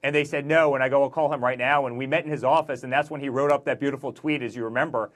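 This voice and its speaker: A man in his forties, a guest author in a political interview, talking emphatically in rapid-fire lists. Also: medium pitch, steady tone.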